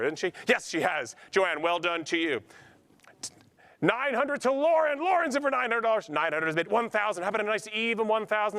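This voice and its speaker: Nonstop banter fills this live charity auction as a man with a gift of gab calls out bids and coaxes bidders by name. He has a slightly high, bright voice that's clear and resonant.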